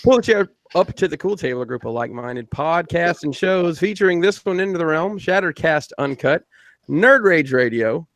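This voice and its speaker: Podcast host, man, fairly high voice, loose joking banter, dry close recording. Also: animated, normal speed, a bit bright, no room sound. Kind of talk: casual chat. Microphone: video call.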